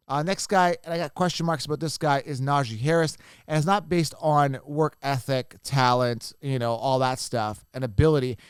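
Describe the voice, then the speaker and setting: Male podcast host, smooth clear voice, animated casual delivery, dry close recording. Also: mid-range voice, no echo. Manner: animated, repeats points, addresses viewers as guys. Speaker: fantasy football podcast host. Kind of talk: casual solo commentary.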